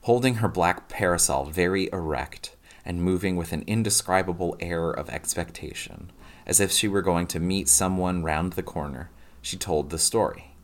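Man, very deep voice, audiobook narration, measured, expressive. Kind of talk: scripted narration of a classic novel.

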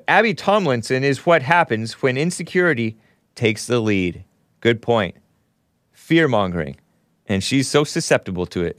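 A man's voice: medium pitch, fairly bright tone, no room sound, studio quality. A male show host giving solo commentary, mocking and sarcastic as he reads out social media replies.

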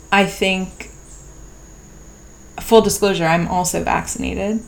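A woman hosting a podcast, talking through a personal diary entry in a slow, introspective way with pauses and restarts. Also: on the low side, creaky. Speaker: podcast host. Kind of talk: reflective personal diary monologue.

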